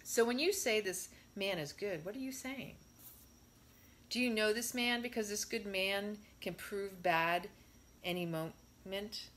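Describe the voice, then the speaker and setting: A woman reading a spiritual discourse aloud in a measured way, stressing her rhetorical questions. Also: mid-range voice, a bit bright.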